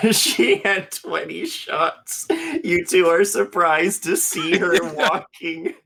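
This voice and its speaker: A man running a tabletop game as game master, excitable and quick to laugh and swear. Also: high-pitched, vocal fry.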